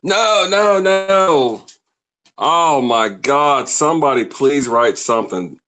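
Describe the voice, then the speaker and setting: A man's voice: fairly high pitch, animated, takes it slowly, a bit bright. A man co-hosting a casual crypto chat, laid-back, laughing often and swearing freely. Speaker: podcast co-host.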